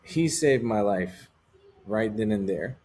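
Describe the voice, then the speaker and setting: Low-voiced man telling a candid story. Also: expressive, slow pace, darkish tone, breathy edge. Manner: candid, rambling, with frequent "like" fillers. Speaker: interview guest. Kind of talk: casual storytelling in conversation.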